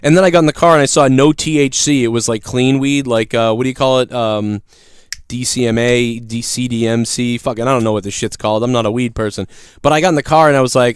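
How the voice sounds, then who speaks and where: A man hosting a casual livestream, telling stories in a profane, animated way. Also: mid-range voice, fast talker, smooth, no room sound, clean studio sound. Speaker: livestream show host. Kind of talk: casual ranting livestream chat.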